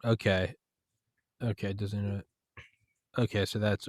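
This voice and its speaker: Low-voiced man riffing with shouted bits. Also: a little fast, dry recording, clean studio sound. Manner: riffing, rambling, bursts into loud shouted impressions. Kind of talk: casual comedic chat.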